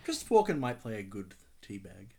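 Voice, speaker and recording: A podcast co-host in casual conversation, trading dry, deadpan remarks. The pitch moves a lot, rising and falling from line to line. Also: brisk, vocal fry, slightly rough. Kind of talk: casual chat.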